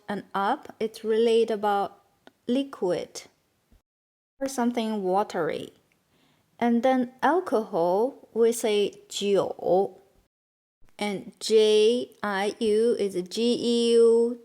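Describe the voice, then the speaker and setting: A woman teacher with a Chinese accent leads a beginner lesson. Her voice sits a little high, and she talks slowly, drawing out each word and explaining in simple, careful English. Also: dark tone. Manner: patient, spells out sounds slowly, simple broken English.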